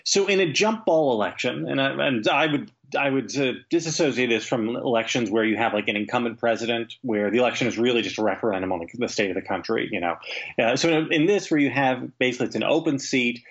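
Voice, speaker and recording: A man's voice: mid-range voice, fast talker, fairly bright tone. A man speaking as a guest writer over a video call from home, giving candid, wry political analysis with plenty of fillers. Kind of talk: remote podcast interview. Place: home, remote. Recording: dull lo-fi call audio.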